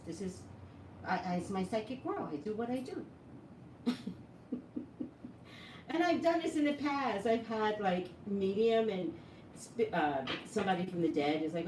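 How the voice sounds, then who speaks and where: Woman psychic vlogger, lively chatty delivery; roomy, distant, noisy home recording. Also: mid-range voice, measured pace. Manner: chatty, animated, asks viewers questions. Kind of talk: casual talk to viewers. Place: home room with an open door. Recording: echoey room, voice from off-mic, noisy background.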